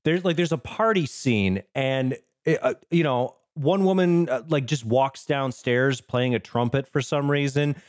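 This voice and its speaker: A man's voice: medium pitch, a little slow, few pauses, no room sound. Enthusiastic man, dry close sound. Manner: enthusiastic, descriptive. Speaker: podcast co-host, film discussion. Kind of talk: casual chat.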